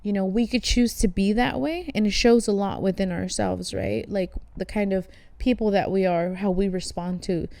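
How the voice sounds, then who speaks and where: A woman's voice: mid-range voice, fairly even intonation, moderate pace, gravelly, dark tone, no room sound. A woman hosting a casual conversation, chatty and peppered with swearing and fillers. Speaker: host. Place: art studio shop.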